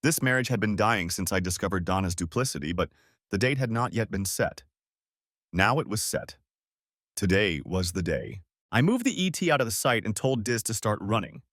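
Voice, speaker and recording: A man narrating a first-person story in an expressive storytelling manner. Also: on the low side, normal speed, no echo, clean studio sound.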